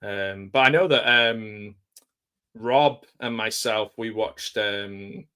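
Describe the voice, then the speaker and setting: Chatty man with a soft Manchester accent. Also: fairly low pitch, takes it slowly, clean tone. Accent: South Manchester English. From England. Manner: chatty, jokey, rambling with restarts. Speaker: guest. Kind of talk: casual video-call chat.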